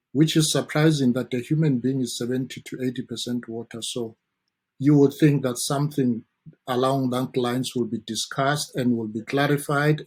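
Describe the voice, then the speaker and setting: A South African man, a dentist guest on a talk show, explaining his subject in an earnest, measured way. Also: medium pitch, darkish tone, husky.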